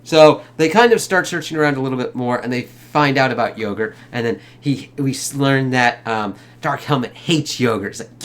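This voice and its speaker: A man's voice: medium pitch, moderate pace, hardly any pauses. A man giving a casual spoken movie review, rambling loosely, swearing a lot and laughing often.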